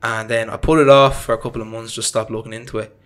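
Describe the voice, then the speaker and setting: Here a young man with an Irish accent talks fast, his voice on the low side and his delivery flat. As a guest in an interview, he chats his way through his story in a rambling, casual manner, often using fillers and laughing at his own expense.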